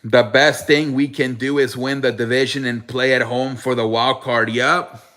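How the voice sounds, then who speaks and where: A man's voice: medium pitch, flat delivery, normal speed, fairly bright tone. A man hosting a live sports stream, chatting casually with viewers in a rambling, profane way.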